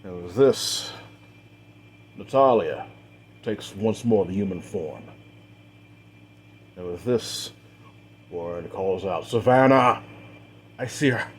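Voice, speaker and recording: A man with a low voice narrates a dark fantasy story, swelling in force on the action beats. He strings events together with repeated linking phrases, and a faint hum sits under the recording. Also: takes it slowly, long pauses. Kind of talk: dramatic fiction narration.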